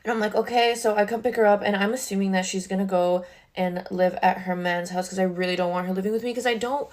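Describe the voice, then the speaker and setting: A woman's voice: mid-range voice, fairly even intonation, quick pace, a little mellow. A young woman talking casually and in an exasperated tone from her bedroom makeup table. She tells a storytime vlog and fills it with lots of filler words. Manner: chatty, exasperated, heavy use of filler words. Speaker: social media creator.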